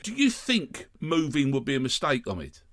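A man hosting a podcast, asking the guest expressive, leading questions. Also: medium pitch, normal speed, over a noisy crowd. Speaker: podcast host. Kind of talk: conversational interviewing.

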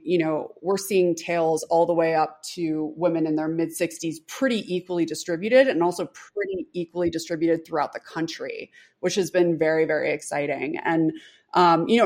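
Chatty woman founder, lowish voice. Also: a little mellow. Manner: chatty, many fillers. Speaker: brand founder. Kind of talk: interview answer.

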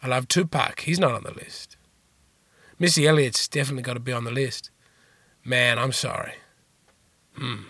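A man hosting a podcast, answering listener questions in a dry, rambling, deadpan comic monologue. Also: mid-range voice, moderate pace, long pauses, no echo. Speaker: podcast host.

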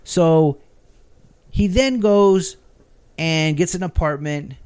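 A man's voice: fairly high pitch, slow pace, a little mellow, clean tone. Rambling man retelling a movie. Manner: rambling, laughing, acts out scenes. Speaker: podcast co-host recapping a movie. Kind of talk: casual chat.

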